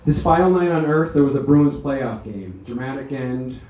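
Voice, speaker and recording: A man, the son of the deceased, giving a memorial speech in a ballroom, telling chatty, animated anecdotes. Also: medium pitch, moderate pace. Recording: echoey hall, speaker heard from a distance.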